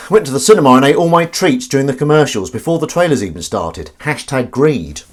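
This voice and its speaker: Punning man with lively pitch. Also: a little fast. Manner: punning, self-mocking, chatting to viewers. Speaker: livestream host. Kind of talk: casual livestream chat while washing up. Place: home kitchen.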